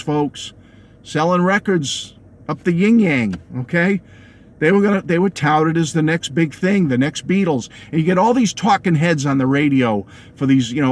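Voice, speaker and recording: A middle-aged man with a New England accent talking casually to his viewers about music. He laughs often and keeps checking in with them. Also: on the high side. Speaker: music vlogger. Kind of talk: casual opinionated monologue to camera.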